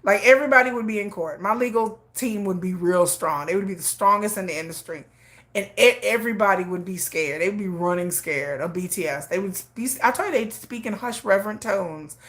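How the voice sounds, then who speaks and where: A woman's voice: medium pitch, a little fast, a bit bright. A woman hosting a casual livestream, talking emphatically, often repeating herself and laughing. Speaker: livestream host.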